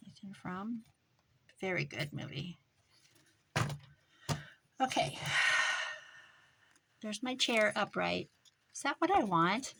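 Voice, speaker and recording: A woman making a craft journal, chatting casually as she works and muttering to herself with quick self-corrections. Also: mid-range voice, expressive, gravelly, background noise. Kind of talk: casual crafting vlog, talking while working.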